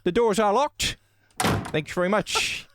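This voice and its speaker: A man's voice: sits high, expressive, slow pace, noisy background, pitched above the performer's own voice. A man playing a falsely polite theatre con man who threatens his audience with killer bees, in an improvised radio sketch. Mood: mock-polite. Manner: showman-like, falsely polite, menacing.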